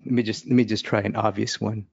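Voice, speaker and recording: Male art instructor, chatty and laughing as he sketches, gravelly, close and dry. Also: fairly low pitch, flat delivery, fast, a little mellow, no echo, highs cut off. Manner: chatty, laughing, thinking aloud while sketching. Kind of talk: casual drawing lesson.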